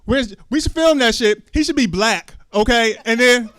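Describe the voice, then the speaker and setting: A man works a small club crowd with a loose, rambling stand-up set, his voice sitting high for a man. He cusses casually and keeps tossing questions at the audience. The sound from his handheld mic is close and dry. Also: lively intonation, moderate pace, a bit bright, no room sound. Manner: loose, chatty, asks the crowd lots of questions, cusses freely. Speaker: stand-up comedian. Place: small comedy club stage. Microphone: handheld stage mic.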